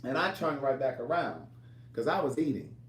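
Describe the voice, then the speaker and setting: A man's voice: mid-range voice, big pitch swings, normal speed, far from the mic. Rambling storyteller man in an echoey room. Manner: rambling, repeats and restarts phrases. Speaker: author and vlogger. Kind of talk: casual storytelling to camera.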